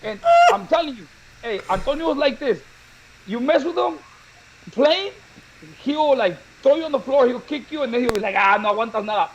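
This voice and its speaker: Animated laughing storyteller man. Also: extremely high pitch, moderate pace, muffled recording, a little hiss or hum. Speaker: show co-host. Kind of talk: casual storytelling chat.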